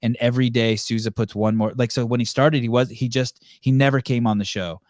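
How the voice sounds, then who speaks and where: Profane storytelling podcast host, dry sound. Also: male voice, mid-range voice, fairly even intonation, fairly quick, a little mellow, no echo. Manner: profane, acts out quoted dialogue. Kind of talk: casual storytelling chat.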